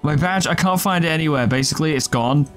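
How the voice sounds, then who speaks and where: Male let's-play host, slightly high voice, jokey, game music behind. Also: fast. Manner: joking, laughs often. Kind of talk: gameplay commentary and reading game text aloud.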